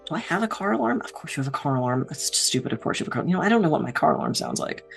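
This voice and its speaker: Lively low-voiced woman telling stories. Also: rapid-fire, gravelly, soft background music. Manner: animated storytelling, acting out her inner voice. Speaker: stress management speaker. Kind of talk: motivational talk to camera.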